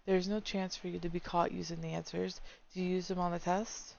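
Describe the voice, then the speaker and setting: A woman's voice: on the low side, level tone, a little fast, gravelly, darkish tone, lo-fi sound. A young woman reading a visual novel aloud, chatty and wry, with side comments to herself.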